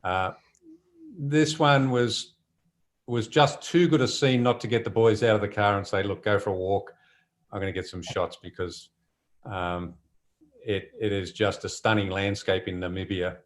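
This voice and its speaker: A man, a surf photographer telling stories from his trips in a relaxed, chatty way with frequent laughs. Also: fairly low pitch, moderate pace. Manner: relaxed and chatty, laughs often, many fillers. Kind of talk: casual conversational storytelling.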